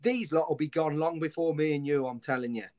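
A man's voice: on the high side, fairly quick, darkish tone. A man speaking as a passionate football fan, angry and emphatic, often repeating himself for force. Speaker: fan guest. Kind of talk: impassioned fan chat.

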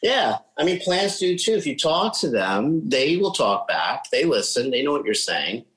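A man's voice: medium pitch, normal speed, low-quality recording. A man, a psychic medium talking casually in an interview and imitating voices as he explains. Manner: chatty, animated, imitates voices he describes.

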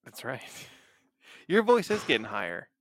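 A man's voice: mid-range voice, wildly swooping pitch, unhurried, a bit bright, dry recording. A man co-hosting a podcast in casual chat, chiming in with short dry interjections and teasing asides. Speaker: podcast co-host.

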